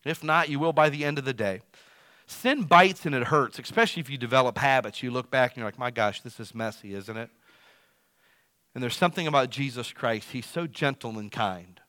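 Loud, animated male preacher. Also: medium pitch, fairly quick, no room sound. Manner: animated, swings between loud emphasis and quiet asides; self-described as loud. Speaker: pastor. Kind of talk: sermon.

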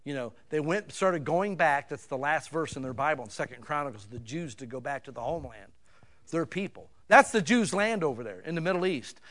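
A man preaching a sermon in a folksy, conversational way, swinging between loud emphatic bursts and quiet asides. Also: on the high side, lively intonation, fairly quick. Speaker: pastor.

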